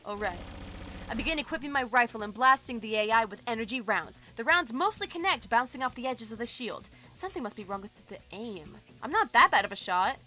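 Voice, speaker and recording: A bubbly young woman streams a story game, reading the text aloud and gushing between lines. Her voice is bright and fairly high, with soft game music behind her. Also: a little fast. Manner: bubbly, excitable, gushing asides. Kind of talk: reading a visual novel aloud with commentary.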